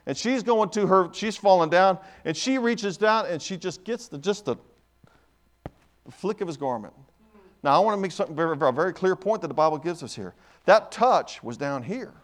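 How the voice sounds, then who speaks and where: A man's voice: sits high, animated, normal speed. A man preaching a sermon in church, emphatic and repetitive, building his points in rising bursts.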